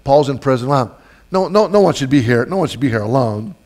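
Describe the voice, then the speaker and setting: A male pastor delivering a sermon in a church, his pitch sitting in an ordinary middle range. He talks in a relaxed, conversational way, telling stories and often restarting his phrases. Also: a little fast. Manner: storytelling, conversational, with frequent fillers and restarts.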